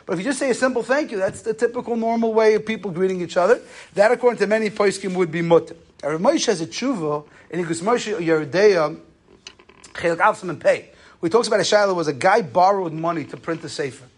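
A man's voice: high voice, fast talker, slightly rough. A man giving a conversational Torah lesson on Jewish law, telling stories and using Yiddish and Hebrew terms. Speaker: rabbi lecturer.

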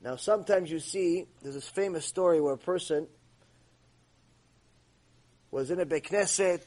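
A man teaching a long religious lecture, telling stories in an animated way and acting out the voices. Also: sits high. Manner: animated storytelling, acts out voices.

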